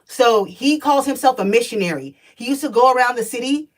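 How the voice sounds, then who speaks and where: A woman's voice: on the high side, lively intonation, a little fast, far from the mic, rough recording. A woman, telling her life story in a blunt, profane, emphatic vlog as a spiritual energy reader.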